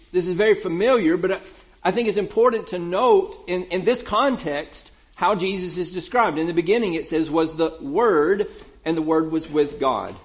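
A man preaching a Bible sermon, asking questions and dropping low to answer them. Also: muffled recording.

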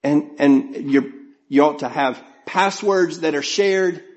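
Middle-aged male pastor, earnest conversational sermon delivery, slightly high-pitched. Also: takes it slowly, dull audio. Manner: earnest, conversational preaching with frequent restarts.

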